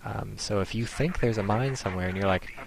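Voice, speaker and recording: A man's voice: fairly low pitch, fairly quick, creaky, over a noisy crowd. A man giving casual, rambling commentary on a strategy game, explaining tactics with many ums.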